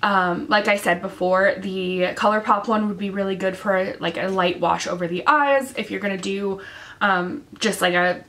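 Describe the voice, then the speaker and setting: A woman's voice: mid-range voice, normal speed, a bit bright. A young woman talks straight to the camera about makeup in a chatty, casual way. Her voice is worn and sick, and she leans on plenty of ums and likes as she goes. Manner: chatty with many fillers. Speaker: beauty vlogger. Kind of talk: casual product review.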